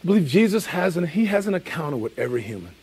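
A man's voice: fairly high pitch, sing-song, rapid-fire, darkish tone, slightly rough. A man in his forties preaching a sermon in a conversational, emphatic way, repeating key phrases. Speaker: pastor.

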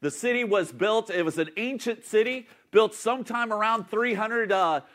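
Brief: man, pastor, high-pitched voice, animated emphatic sermon delivery. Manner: emphatic, animated preaching with dramatic pauses.

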